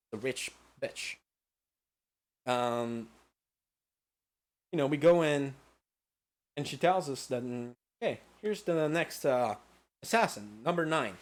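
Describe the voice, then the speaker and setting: A man hosting a comedic lecture that recaps a video game, talking in a crude, profane and playful way and laughing often. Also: medium pitch. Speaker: host.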